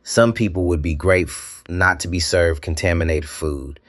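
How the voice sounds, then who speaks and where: A man voicing a composed male passenger who speaks evenly and quietly in a deep voice. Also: moderate pace, no room sound, clean studio sound. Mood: calm firm. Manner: even, quiet, restrained.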